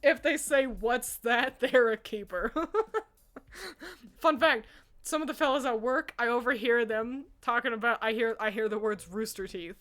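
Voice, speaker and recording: A woman's voice: on the high side, unhurried, a bit bright. A young woman streamer chatting casually with her live chat, laughing often and swearing freely. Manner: giggly, laughs often between remarks.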